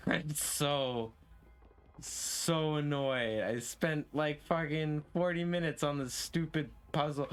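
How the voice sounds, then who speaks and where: A man's voice: on the high side, steady tone, takes it slowly, faint music behind. A man streaming a game live, talking casually and venting his frustration with swearing and rants, from a room at home. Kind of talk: casual live gameplay commentary. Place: home room with window open.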